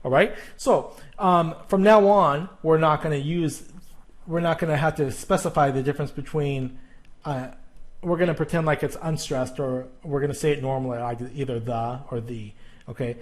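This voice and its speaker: Man teaching a pronunciation lesson. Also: a little high. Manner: explaining slowly with fillers and repeated examples.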